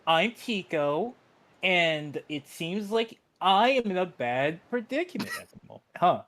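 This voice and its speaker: A man's voice: high-pitched, expressive, unhurried, fairly bright tone, slight background noise, voice pushed up. A man voicing a small, wary but friendly female kenku adventurer, speaking hesitantly with fillers over a call mic. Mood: sheepish.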